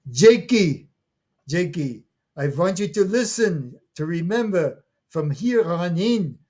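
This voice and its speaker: A man's voice: lively intonation, slow pace, darkish tone, full character voice. An elderly man in his eighties voicing a pushy old grandmother who drags her grandson along, in an anecdote told during an interview. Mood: insistent. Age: 80s. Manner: shrill and insistent.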